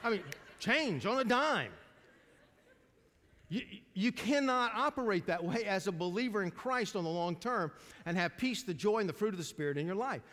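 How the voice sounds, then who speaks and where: Preaching a sermon in a folksy, conversational manner, an older pastor poses questions to his congregation as he goes. He has a high-pitched, fairly bright voice, animated and moderately paced, set in the long reverb of a large hall.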